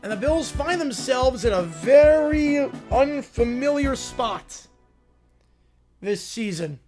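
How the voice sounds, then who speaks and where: Guy with a high voice doing live football play-by-play, gets loud and drawn out on big plays, mumbly on chat stuff. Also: soft background music. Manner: rises and slows into excited calls on big plays, drops to quiet asides answering chat.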